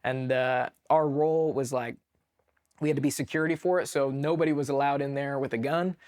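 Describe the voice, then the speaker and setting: A man's voice: medium pitch, steady tone, fairly quick, a little mellow. Rambling man telling army stories. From United States. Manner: rambling, filler-heavy, lots of "like". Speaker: podcast guest, Army veteran. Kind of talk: casual war storytelling.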